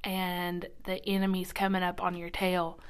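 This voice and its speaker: A woman hosting a casual devotional podcast, chatty and upbeat, often dropping to a soft whisper, recorded in a quiet church nursing room. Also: lowish voice, monotone, moderate pace, smooth. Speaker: podcast host.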